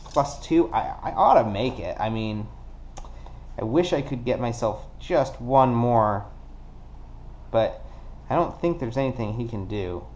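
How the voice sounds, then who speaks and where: A man casually narrating a solo card game play-through, working things out deliberately and counting dice aloud. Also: mid-range voice, expressive, darkish tone, slight background noise. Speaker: board game player.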